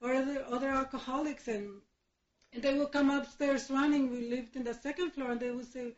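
A middle-aged woman from Mexico giving a halting personal testimony, full of fillers and restarts, laughing through painful memories. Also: high-pitched, steady tone. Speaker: speaker sharing her recovery story. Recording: echoey room, dull lo-fi sound.

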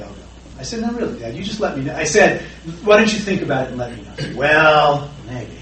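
A man's voice: medium pitch, a bit bright, a little hiss or hum. Self-deprecating storyteller, middle-aged man, recorded from afar with faint room ambience. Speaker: recovery meeting speaker. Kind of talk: personal recovery share. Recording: roomy, distant, faint background ambience.

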